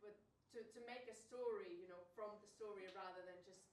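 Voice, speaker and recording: A woman's voice: medium pitch, a little fast, darkish tone. A woman from the audience asking a question, hesitant and self-doubting. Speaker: audience member. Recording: roomy, distant, faint noise.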